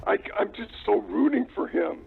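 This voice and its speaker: A man calling in on the phone, needling the hosts with gruff complaints in casual comedic banter. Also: sits high, lively intonation, moderate pace. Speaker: phone-in guest. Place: phone call. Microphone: telephone. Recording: tinny phone line.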